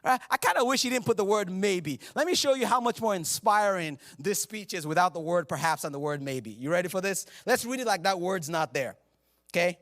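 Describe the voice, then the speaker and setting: Speaking at a moderate pace in a high, expressive, fairly bright voice, a man preaches as pastor in a church sanctuary. The sermon is humorous and conversational, and he laughs at himself between scripture readings.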